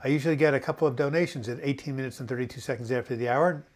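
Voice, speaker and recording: A man's voice: mid-range voice, racing. A man hosting a casual live chat, rambling and earnest as he reads out viewer comments and answers them with many fillers and restarts. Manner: encouraging, earnest.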